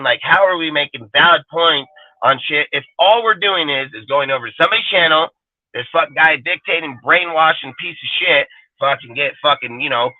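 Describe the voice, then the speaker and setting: On a live fan stream, a panelist lets loose with a heated, profane, emphatic rant. The man's voice is slightly high, and the audio is a dry, phone-quality line with no echo.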